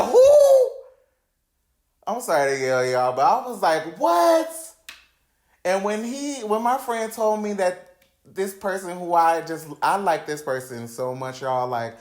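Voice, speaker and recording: A young man hosting a podcast, telling personal stories in a candid, slangy, dramatic way, dropping to low mutters and rising to loud outbursts. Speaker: podcast host. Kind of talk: candid storytelling chat. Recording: roomy echoey room.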